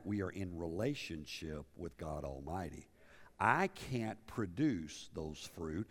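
A middle-aged man preaching a sermon in a conversational way, asking his listeners questions and often restarting his words. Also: low voice. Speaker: pastor. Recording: reverberant hall.

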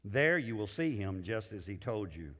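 A male pastor preaching a sermon. He swings between loud, lifted lines and hushed, low ones, and often repeats words as he builds a point. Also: very animated, normal speed, big-room sound.

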